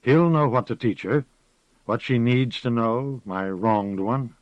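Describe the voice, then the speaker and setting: A man voicing a weary, earnest woman who speaks softly and pleadingly. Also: mid-range voice, slow, dry recording, lightly acted. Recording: slightly muffled recording.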